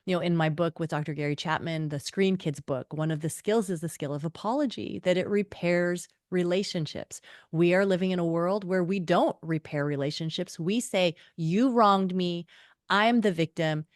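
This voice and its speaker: A middle-aged woman author, a guest on an interview, telling stories expressively and acting out quotes with big jumps in pitch. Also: moderate pace, no room sound, clean studio sound. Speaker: author and podcast host, guest. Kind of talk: animated storytelling interview.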